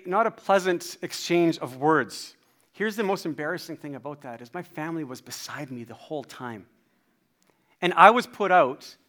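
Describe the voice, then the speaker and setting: A man preaching a sermon, telling a personal story in an animated, self-deprecating way. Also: sits high. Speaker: pastor.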